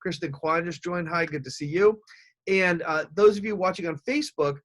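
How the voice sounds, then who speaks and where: A man presents a live webinar from a home office, using his computer mic on a video call. His voice sits a little high. He is energetic and upbeat as he coaches his viewers directly. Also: normal speed. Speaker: speaking coach hosting a webinar.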